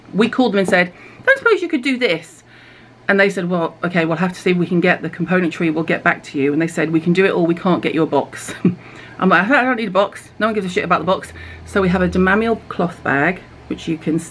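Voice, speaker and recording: A woman's voice: lowish voice, a little hiss or hum. Chatty British woman vlogging skincare. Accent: British English. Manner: chatty, candid and self-mocking, with asides. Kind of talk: casual product reveal to camera.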